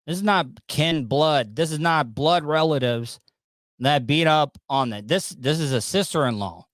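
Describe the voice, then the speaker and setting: A man's voice: fairly high pitch, unhurried, no room sound. Male podcast host, wisecracking and mocking, dry room. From Southern US. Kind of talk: casual commentary on news clips.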